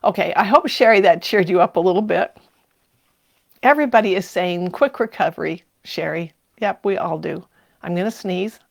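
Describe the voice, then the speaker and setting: A woman's voice: lowish voice, normal speed, creaky. An older woman hosting a sewing livestream, chatting casually, laughing often and reading viewer comments aloud. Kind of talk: casual live-stream chat.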